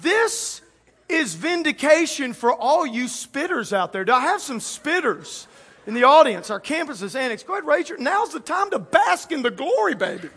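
A male pastor with a high, bright, ringing voice preaches to a live congregation. He jokes with the crowd and voices the people in his story in a playful way. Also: slightly rough. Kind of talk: lively sermon.

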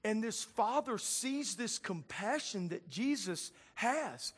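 A man preaching a sermon in a conversational way, acting out Bible figures in casual voices and building from quiet passages to loud ones. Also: sits high, animated, takes it slowly, husky. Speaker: pastor.

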